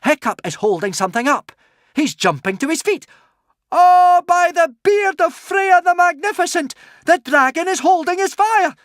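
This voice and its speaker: A man reading an audiobook voicing an excited Viking woman. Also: very high-pitched, moderate pace, no room sound, studio quality, voice pushed up.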